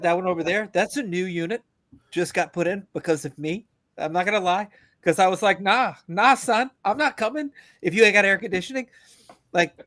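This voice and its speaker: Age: adult. Sex: man. Style: blunt joking podcast rant. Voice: fairly high, dry close sound. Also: dry recording. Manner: blunt, joking, gets louder and higher as he rants. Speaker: veteran guest.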